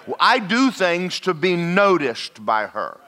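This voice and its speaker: A middle-aged man preaching a sermon. His pitch moves in a lively way as he tells homespun stories. He calls out loudly to the congregation, then drops to hushed, emotional passages. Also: slow pace. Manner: folksy storytelling, swings from loud to hushed. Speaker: pastor.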